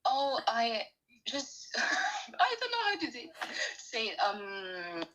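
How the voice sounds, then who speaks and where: A teenage girl from France speaks as a student guest, nervous and hesitant, with lots of ums. She talks slowly in a fairly high voice. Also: wildly swooping pitch, bright, forceful tone, rough recording. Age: teens. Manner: nervous, hesitant, with many fillers. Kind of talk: nervous interview chat.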